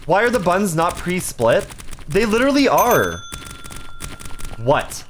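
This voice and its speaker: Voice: medium pitch, big pitch swings, normal speed, a little hiss or hum. A streamer playing a cooking game live, bantering and swearing at chat with frequent laughter.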